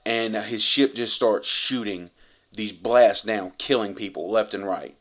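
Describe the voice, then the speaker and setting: A man excitedly retelling a superhero movie scene by scene, cursing freely and rambling. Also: fairly low pitch, unhurried. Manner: profane, effusive, rambling retelling. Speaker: movie reviewer.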